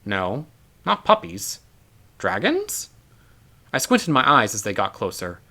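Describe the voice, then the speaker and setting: A man narrating his own novel with an animated, rising-and-falling delivery. His tone is bright and clear-edged, giving the reading energy. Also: medium pitch, slow pace. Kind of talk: audiobook narration.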